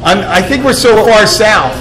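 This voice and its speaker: A man's voice: sits high, lively intonation, moderate pace, over music, rough recording. A man from Philadelphia hosting a casual chat in a bar, rambling with lots of fillers and restarts. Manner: rambling, hesitant, many fillers. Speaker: host. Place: crowded bar. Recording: loud crowd chatter behind.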